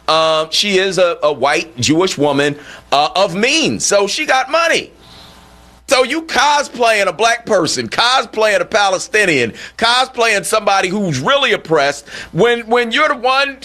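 A man's voice: high voice, very animated, a little slow, pushed and bright. A man hosting a call-in radio talk show, speaking emphatically and firing off rhetorical questions.

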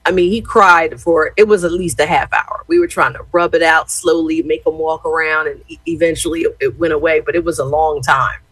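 A woman's voice: low-pitched, steady tone, brisk, few pauses, a bit bright, breathy edge, no echo, low-quality recording. A woman in her fifties telling a rambling family story to her viewers, chatty, with lots of fillers and "y'all". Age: 50s. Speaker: former gospel radio host.

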